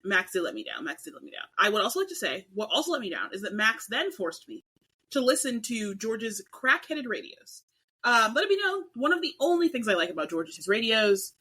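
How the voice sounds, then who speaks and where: A woman's voice: a little high, sing-song, fairly quick, sharp tone, breathy edge, low-quality recording. A young adult woman co-hosting a casual podcast chat, ranting animatedly with mock outrage. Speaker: podcast co-host.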